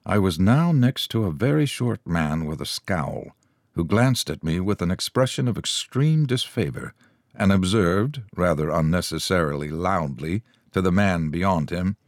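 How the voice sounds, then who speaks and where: This is scripted audiobook narration by a man whose low-pitched voice keeps a measured, even storytelling rhythm. The audio is dry and of studio quality.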